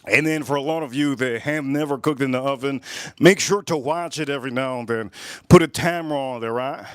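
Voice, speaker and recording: A man's voice: mid-range voice, a little fast, clean tone, no echo. A middle-aged man hosting a casual livestream from home, rambling and repeating himself as he talks straight to his viewers. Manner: rambling, repeats phrases, addresses viewers directly. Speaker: livestream host.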